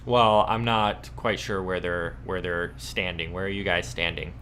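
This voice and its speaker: A man narrating as game master of a tabletop game, halting and full of ums and likes. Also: sits low, steady tone, sharp tone, slight background noise.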